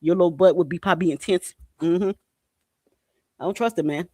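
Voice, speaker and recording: A man with a somewhat high voice talks through news articles on his podcast. He is blunt and indignant, curses freely and circles back to the same point again and again. The sound is close and dry. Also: fairly even intonation, fairly quick, a little mellow, no room sound. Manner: blunt and indignant, swears, repeats himself. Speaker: podcast host. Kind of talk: casual commentary on news articles.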